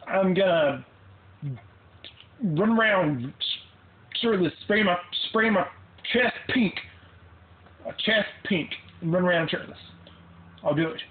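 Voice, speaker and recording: A teenage boy rambling in a casual vlog from a parked car at night, goofy, scattered and mocking himself. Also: a little high. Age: teens. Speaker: vlogger. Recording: tinny phone-like sound.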